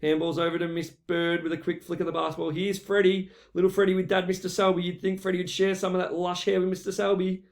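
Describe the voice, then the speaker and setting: A man calls a video in the manner of a football commentator, teasing and lively. His voice sits a little high for a man. The delivery is quick with one-liners. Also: creaky. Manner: playful, teasing, animated commentator. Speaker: mock sports commentator. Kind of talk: jokey mock football commentary.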